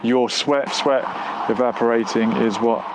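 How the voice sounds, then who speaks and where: A man's voice: mid-range voice, steady tone, measured pace, noisy background. A man hosting a casual live stream outdoors near a road, reading out viewer comments and musing aloud with lots of fillers. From United Kingdom.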